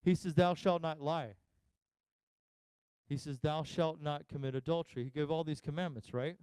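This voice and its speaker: A man preaching a sermon as pastor, talking straight to his listeners, asking them questions and pausing for effect. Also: fairly high pitch, fairly even intonation, darkish tone, smooth, no echo, poor audio. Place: church.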